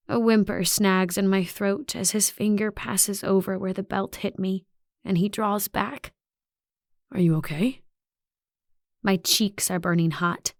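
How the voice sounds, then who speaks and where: Woman audiobook narrator, soft and intimate, mid pitch, dry close-mic booth sound. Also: dry recording. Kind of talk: first-person audiobook narration.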